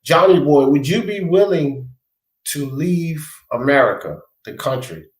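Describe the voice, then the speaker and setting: A man's voice: a little high, lively intonation, a little slow. A man hosting a casual talk stream, rambling as he reads viewers' comments aloud and speaks to them by name. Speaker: livestream host reading chat. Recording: echoey room.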